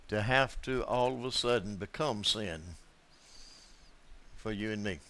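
Preaching in a smooth, fairly high-pitched voice, a man alternates loud proclamations with quiet asides and repeats key phrases to drive them home.

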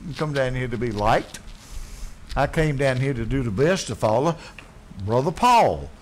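A man preaching a blunt, folksy sermon, dropping to quiet asides and then yelling. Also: mid-range voice, lively intonation, moderate pace. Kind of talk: fiery sermon.

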